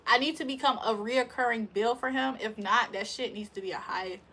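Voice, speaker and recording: Woman with a slightly high, teasing voice. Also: brisk, pushed and bright. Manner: teasing, laughs often, answers viewer comments. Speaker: livestreamer reading chat. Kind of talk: casual live-stream chat.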